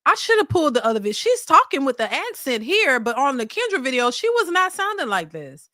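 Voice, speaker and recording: High bright-voiced woman reaction host. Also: very animated, fairly quick, no echo, clean studio sound. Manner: blunt, fires rhetorical questions. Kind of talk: casual commentary reacting to a clip.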